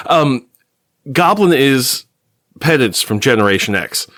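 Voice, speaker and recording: Male podcast co-host, mid-pitched, sarcastic and jokey, close and dry sound. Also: big pitch swings, a bit bright, no echo. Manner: sarcastic and jokey, with quick asides. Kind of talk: casual comic-book podcast chat.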